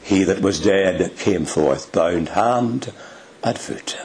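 Slow, low-voiced male preacher. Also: darkish tone. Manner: dramatic, slow and emphatic with sudden rises in pitch. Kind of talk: sermon.

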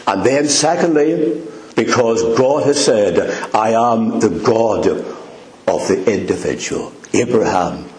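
A man preaching a sermon, slow and emphatic, leaning hard on key words and drawing them out. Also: fairly low pitch, animated, darkish tone. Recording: echoey room.

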